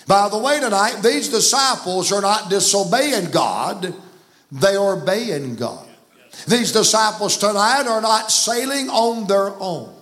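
In a church sanctuary, a guest preacher with a Southern American accent delivers a folksy, emphatic sermon. His voice is high-pitched with a fairly bright tone.

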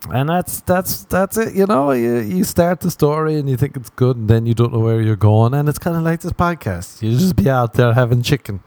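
A man's voice: mid-range voice, expressive, moderate pace, darkish tone, no echo. A man hosting a solo podcast in a casual, rambling way, joking, swearing and laughing at his own tangents. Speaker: podcast host.

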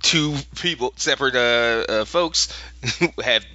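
A man from the US co-hosting a podcast in casual chat, animated, laughing often and restarting sentences as he thinks. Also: medium pitch, takes it slowly, no room sound, lo-fi sound. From Philadelphia, USA. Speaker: podcast co-host.

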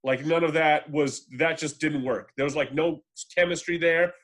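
A man with a somewhat higher voice talks loosely and rambles, stacking up fillers and restarts as he goes. He swears freely and keeps it casual. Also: steady tone, moderate pace, a bit bright. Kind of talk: casual chat.

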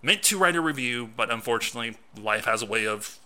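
Bright-voiced man telling a story. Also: medium pitch, fast talker. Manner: animated storytelling, acts out his own reactions. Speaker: podcast co-host and film critic. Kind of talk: casual podcast chat.

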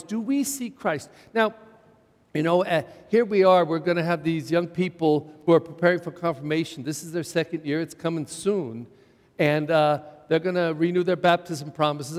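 A middle-aged man preaching from the pulpit in a fairly high voice, leaning on repetition and rhetorical questions. His words ring out with a long reverb through the church. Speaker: pastor. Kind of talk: sermon.

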